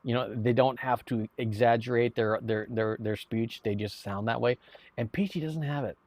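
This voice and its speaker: A man's voice: mid-range voice, steady tone, moderate pace, a little mellow, dry recording. A man chatting casually to viewers on a live stream, rambling, with many restarts and repeated words. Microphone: streaming mic.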